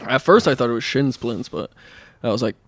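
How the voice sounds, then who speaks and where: A man's voice: medium pitch, expressive, a little fast, fairly bright tone, husky, no echo. A young man co-hosting a podcast, telling a long rambling story in casual chat, full of swearing and laughing as he goes. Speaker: podcast co-host.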